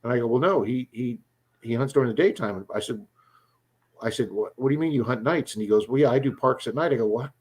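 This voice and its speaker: Brief: male live-stream host from Florida, mid-pitched, casual, rambling storyteller who stumbles over repeated words. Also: fast, a little mellow, slightly rough.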